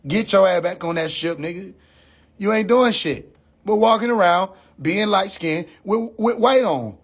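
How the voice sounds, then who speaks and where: Man, high voice, livestream rant, phone mic, profane, mocking, repeats questions. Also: a little slow. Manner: incredulous, mocking, swears constantly, repeats questions for effect. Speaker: livestream host.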